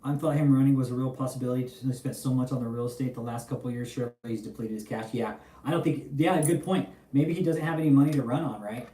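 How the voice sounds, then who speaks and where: Young male streamer, profane and chatty, mellow tone, off-mic in a roomy space. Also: medium pitch, fast, few pauses, distant mic. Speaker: livestream host. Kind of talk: casual livestream commentary.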